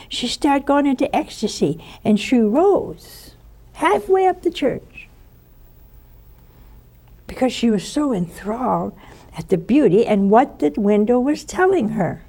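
Woman preaching, low gravelly voice with a mellow tone, tells her story with lots of life and acts out the voices. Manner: animated storyteller who acts out quoted voices. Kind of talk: spoken sermon with storytelling.

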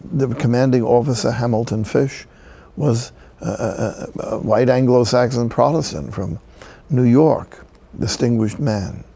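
An older male friar preaches on a broadcast program, telling a story with slow, solemn pauses. His voice is gravelly and husky, with a dark, low tone. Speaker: Catholic friar and priest. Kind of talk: broadcast sermon.

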